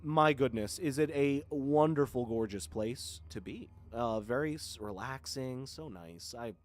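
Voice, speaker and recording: A man's voice: mid-range voice, a little slow. A man in his twenties from Florida, chatting casually with viewers on a live stream, rambling and thanking people often. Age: 20s. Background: faint horror music.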